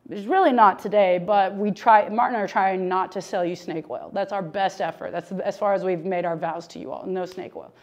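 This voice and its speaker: A woman's voice: mid-range voice, steady tone, fairly quick, hardly any pauses. A woman teaching a humorous, chatty Bible lesson, joking and laughing often.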